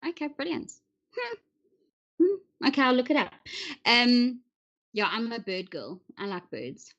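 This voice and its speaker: A woman's voice: fairly high pitch, big pitch swings, fairly bright tone, dull audio. A woman hosting a casual interview, chatty and full of ums as she moves between questions. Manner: chatty, many ums, quick question-asking. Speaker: interview host.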